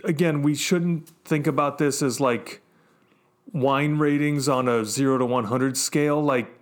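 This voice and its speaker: A man's voice: mid-range voice, steady tone, measured pace. A man co-hosting a podcast, chatting casually with eager, upbeat reactions. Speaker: podcast co-host. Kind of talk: casual tasting chat.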